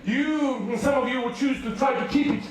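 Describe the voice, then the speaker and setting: High-voiced preacher in an echoey hall. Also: male voice, normal speed. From United Kingdom. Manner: animated, acts out voices, laughs often. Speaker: youth preacher. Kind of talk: storytelling sermon. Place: large hall at a school rally. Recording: echoey hall, distant mic.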